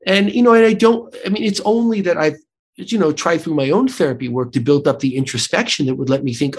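A man's voice: fairly high pitch, a little fast, slightly rough. An American man speaking as a guest in an interview, explaining his book and clinic while often restarting and checking in with "right?". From United States. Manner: animated, thinks aloud with repeated restarts and tag "right?". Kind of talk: conversational interview.

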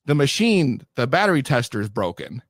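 A man's voice: medium pitch, big pitch swings, fairly quick, no room sound, pitched below the performer's own voice. A man voicing a bored young female store clerk who stalls and hesitates. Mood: stalling.

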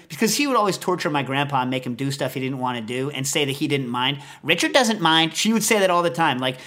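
A man hosting a podcast, telling a rambling, animated story in casual chat. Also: fairly high pitch. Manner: rambling, animated, lots of fillers. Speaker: podcast host.

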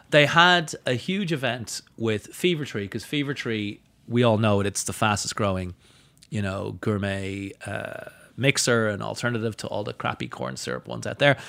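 A man talking as a guest in a casual podcast chat, an animated storyteller whose voice leaps up in pitch when he acts out other people. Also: vocal fry. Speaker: guest, drinks educator and writer. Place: studio table with bottles and glasses.

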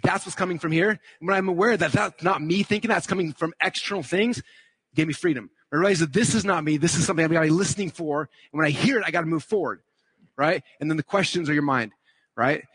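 A man giving a live conference talk, teaching quickly and checking in with "okay?" and "right?" as he draws on slides. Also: fairly high pitch, fairly bright tone, husky, no room sound. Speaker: speaker at a conference.

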